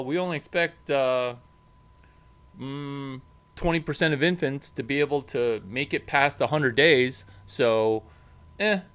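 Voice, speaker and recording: Man, startup advisor monologue, slow deliberate pace, punchy emphatic stresses, mid-pitched voice. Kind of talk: animated monologue to camera.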